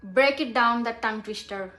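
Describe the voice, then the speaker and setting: Woman vlogging her accent practice, slightly high voice, talks slow and careful, echoey room, bit of hiss. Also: sharp tone. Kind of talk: casual pronunciation practice vlog. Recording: echoey room with faint noise.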